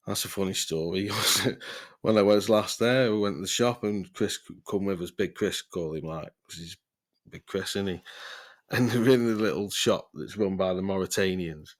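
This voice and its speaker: A man's voice: low-pitched, normal speed. A man telling a rambling, sweary story in casual podcast chat, often breaking into laughter. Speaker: podcast host.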